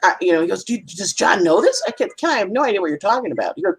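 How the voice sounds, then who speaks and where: Husky-voiced woman telling stories animatedly. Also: medium pitch, rapid-fire, low-quality recording. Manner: animated storytelling, acts out quoted voices, laughs often. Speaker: astrologer guest. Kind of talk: casual podcast chat.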